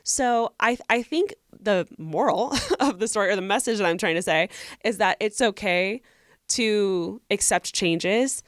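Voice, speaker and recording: A woman's voice: mid-range voice, a little slow, no echo, studio quality. A young woman co-hosting a podcast, giving earnest, encouraging advice in casual chat. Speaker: podcast co-host.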